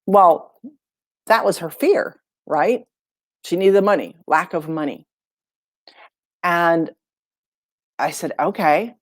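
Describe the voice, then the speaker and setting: A woman, a life coach and podcast guest, tells stories in a relaxed, conversational way and acts out the lines of the people in them. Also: on the low side, slow pace, pauses often, no echo, studio quality. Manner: lively storyteller who acts out dialogue. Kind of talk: casual podcast storytelling.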